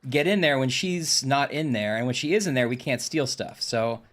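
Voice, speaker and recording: A man's voice: mid-range voice, lively intonation, normal speed, a bit bright. A man chatting casually and joking while playing a video game on stream. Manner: joking, loose, playful asides.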